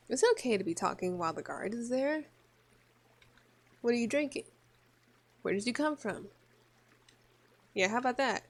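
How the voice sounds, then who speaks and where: A woman's voice: fairly high pitch, animated, moderate pace, long pauses. Joking woman playing a visual novel. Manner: playful, joking asides, reads choices aloud. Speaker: gaming video creator. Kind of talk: casual gameplay commentary.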